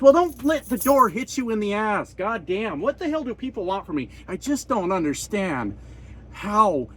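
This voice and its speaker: A man's voice: high-pitched, big pitch swings, moderate pace. A man ranting bluntly and sarcastically in a trucker vlog, swearing a lot, recorded in his parked truck cab at a truck stop. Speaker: trucker vlogger.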